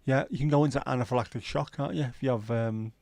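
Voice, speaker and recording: A man's voice: medium pitch, steady tone, fast, darkish tone, no echo. Cheeky man chatting to viewers. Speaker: livestream host. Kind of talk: casual chat reading viewer comments.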